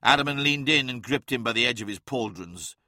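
Bright-voiced male audiobook narrator. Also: mid-range voice, animated, brisk, no room sound, studio quality. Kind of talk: dramatic scripted narration.

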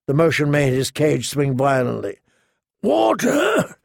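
Measured male audiobook narrator. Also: on the high side, a little mellow, no room sound, studio quality. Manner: measured, unhurried, vivid. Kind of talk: scripted narration.

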